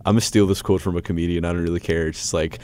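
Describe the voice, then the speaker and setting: A man's voice: sits low, steady tone, very fast, a little mellow. A teenage boy co-hosting a casual podcast chat, laid-back, reading out tips and joking with friends. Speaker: podcast co-host.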